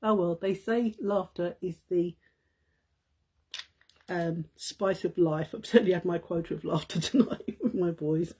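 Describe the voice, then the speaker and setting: A woman's voice: lowish voice, measured pace, dark tone, slightly rough. A middle-aged woman, chatting casually to viewers on a live stream, telling a funny family story and laughing often.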